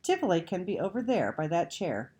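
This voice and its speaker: A woman's voice: lowish voice, very animated, a little fast, warm tone. A woman voicing a kind, sensible ten-year-old girl in a storybook reading, patient and coaxing. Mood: gentle, coaxing. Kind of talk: read-aloud storybook acting.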